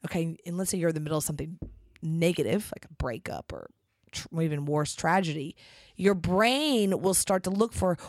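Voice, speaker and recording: A chatty middle-aged woman talks through a casual podcast monologue, animated and full of fillers. Her voice sits a little low for a woman. The sound is close and dry. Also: normal speed, no echo. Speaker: podcast host.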